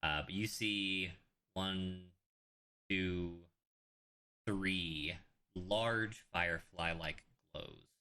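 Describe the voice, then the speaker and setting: Low, bright-voiced man running a tabletop game. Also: drawn-out words, long pauses. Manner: conversational, restarts while explaining rules. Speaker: game master.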